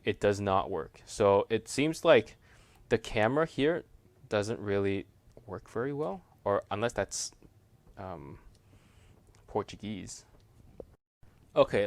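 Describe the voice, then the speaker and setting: A man's voice: lowish voice, no echo. A man reviewing a gadget in a chatty, casual demo, laughing easily and poking fun at himself. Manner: chatty, laughs easily, self-deprecating asides. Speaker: tech reviewer.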